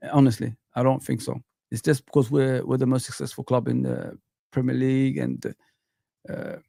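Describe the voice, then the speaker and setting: A man hosting a fan live stream, chatting casually, repeating himself and shouting out viewers by name. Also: mid-range voice, gravelly, no room sound, clean studio sound. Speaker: fan channel host. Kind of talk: live-stream chat reading comments.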